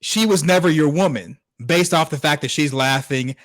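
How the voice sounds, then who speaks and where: A man's voice: a little high, normal speed, a bit bright, no echo. A man co-hosting a podcast, giving laid-back, wry commentary on a clip with plenty of fillers. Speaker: podcast co-host. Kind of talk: casual commentary.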